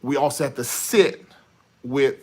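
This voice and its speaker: A man hosting a live online talk show, thinking out loud in an animated monologue that swings from shouting to muttering. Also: medium pitch, unhurried. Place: studio.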